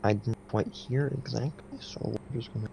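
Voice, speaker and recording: A man's voice: mid-range voice, normal speed, gravelly, warm tone, a little hiss or hum. A young man co-hosting a casual podcast, rambling and laughing, often stopping to restart his sentences. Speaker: podcast co-host. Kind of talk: casual chat.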